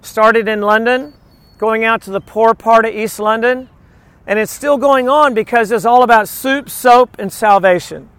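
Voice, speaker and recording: High-voiced emphatic male preacher. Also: unhurried, a bit bright, smooth, no echo. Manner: earnest, emphatic preaching with scripture quotes. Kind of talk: sermon.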